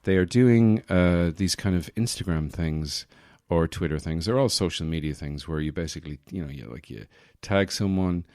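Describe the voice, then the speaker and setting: A man's voice: sits low, moderate pace, few pauses, a little mellow, dry recording. A young man hosting a casual solo podcast from his apartment, rambling and joking with lots of self-correcting asides. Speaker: podcast host.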